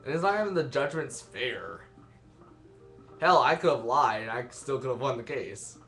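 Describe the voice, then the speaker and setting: A man's voice: mid-range voice, lively intonation, normal speed, pushed and bright. A young man giving rambling, self-mocking let's-play commentary and laughing at his own jokes. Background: game music.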